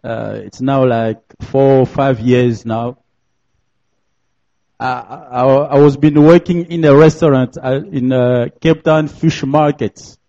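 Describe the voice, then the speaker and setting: A man's voice: medium pitch, steady tone, dark tone, highs cut off. A young man from DR Congo, a native French speaker with a French accent, preaching as a guest in a church, repeating phrases and laughing often. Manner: slow, repetitive, laughing often. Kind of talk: sermon.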